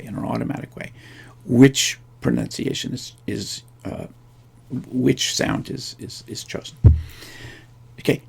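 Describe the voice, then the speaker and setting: A man's voice: mid-range voice, gravelly, a little mellow, husky. A man giving a recorded linguistics lecture, thinking aloud with frequent restarts and fillers.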